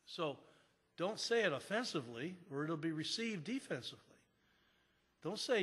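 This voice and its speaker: A pastor preaching a sermon in an earnest manner, repeating key phrases for emphasis. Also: male voice, on the high side, sing-song, a little slow, long pauses, fairly bright tone, breathy edge. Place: church sanctuary. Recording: long church reverb.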